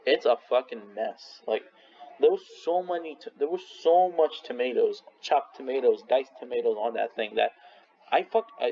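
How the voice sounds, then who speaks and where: A young man talks loosely through a restaurant ranking, stumbling over words and dropping casual swears. His voice sits at an ordinary middle pitch. The recording is a bit muffled, with a faint hiss underneath. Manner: rambling, full of restarts, laughs often, swears casually. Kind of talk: casual rambling monologue. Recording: slightly dull lo-fi recording with faint noise.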